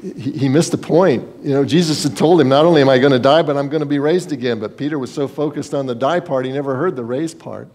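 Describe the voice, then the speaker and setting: A man's voice: mid-range voice, fast talker, hardly any pauses, a little mellow. A man preaching a sermon as pastor, in a conversational style, acting out quoted voices and sometimes repeating words.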